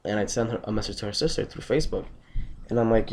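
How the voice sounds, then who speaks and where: A man's voice: lowish voice, fast. A young man just out of bed, telling a story on his vlog in a blunt, rambling, heavily profane way. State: just woken up, tired. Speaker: vlogger.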